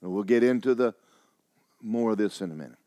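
A man's voice: lowish voice, a little fast, mellow, no room sound, studio quality. A man preaching a sermon as pastor, mixing joking asides with fervent calls.

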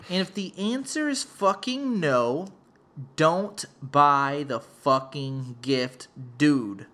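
Brief: chatty man host, fairly high and very lively pitch, cursing freely as he rambles. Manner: profane, rambling, laid-back. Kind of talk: casual storytelling.

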